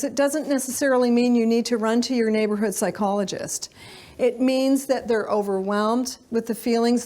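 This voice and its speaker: With a slightly high, somewhat mellow voice, a middle-aged woman lectures a live audience on parenting. She chats her way through it with lots of fillers, occasionally performing children's lines.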